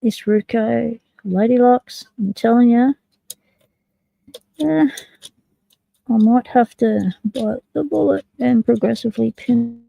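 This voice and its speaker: Gravelly Australian woman streamer. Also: a little high, takes it slowly, pauses often, dry recording, narrow, tinny audio. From South Australia. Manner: chatty, jokey, talks to chat while picking locks. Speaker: live stream host. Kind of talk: casual live stream chat.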